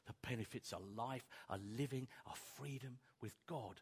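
A man's voice: medium pitch, normal speed, few pauses, slightly rough. A man preaching a sermon, acting out imagined objections and pressing his points with emphatic repetition. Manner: animated, rising to emphatic repeated declarations; plays out imagined objections in dialogue.

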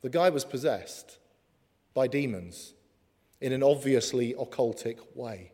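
A man preaching a sermon in an earnest way, slowing down for emphatic lines. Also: medium pitch, lively intonation, dark tone. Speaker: pastor. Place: church hall. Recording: long hall reverb.

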